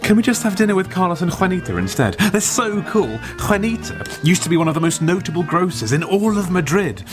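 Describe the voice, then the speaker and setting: A man's voice: sits high, big pitch swings, fairly quick, music in the background, voice pushed down. A man playing a gushing, awkward young fiancé in a comedy sketch. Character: smitten young fiancé Tim, easily charmed.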